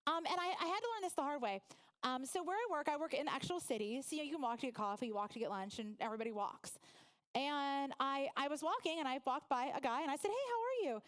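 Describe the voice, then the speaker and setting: A woman's voice: high-pitched, fast talker. A woman in her forties from Oklahoma giving a humorous motivational speech, telling stories and laughing along with the audience. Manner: lively storytelling, laughs with the audience. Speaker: guest speaker.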